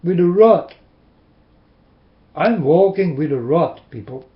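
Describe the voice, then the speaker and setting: Urgent high-voiced man preaching to webcam. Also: animated, slow. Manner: urgent, repeating, pleading with listeners. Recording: roomy, dull webcam audio.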